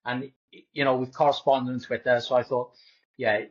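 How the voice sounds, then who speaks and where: A man's voice: medium pitch, flat delivery, normal speed. A man, co-hosting a sports podcast, speaking in an easygoing, hesitant way with many fillers. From Wales. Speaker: podcast co-host. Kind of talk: casual sports podcast chat. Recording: dull lo-fi audio.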